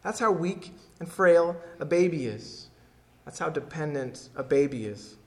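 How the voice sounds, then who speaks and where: A man's voice: fairly high pitch, animated, unhurried, a little mellow. A man preaching a sermon, emphatic and repeating key phrases for weight. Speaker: pastor.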